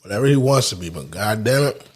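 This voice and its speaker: A man's voice: fairly low pitch, animated, fast talker. A man co-hosting a podcast in a studio, joking around in loose, slangy casual chat. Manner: laid-back, joking, slangy. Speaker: podcast co-host. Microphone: studio mic, eating close to it.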